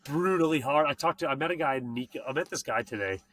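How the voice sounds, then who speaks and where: A man hosting a casual podcast, talking about racing in an excited, slangy way that swears freely. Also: a little high, quick pace. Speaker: podcast host and mountain bike racer.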